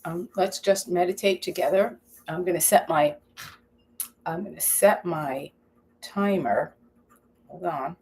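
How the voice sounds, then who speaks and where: With a lowish, darkish voice, this cooking channel host speaks at a measured pace broken by long pauses. She streams live from her home kitchen, chatting casually, rambling and reading out viewer comments.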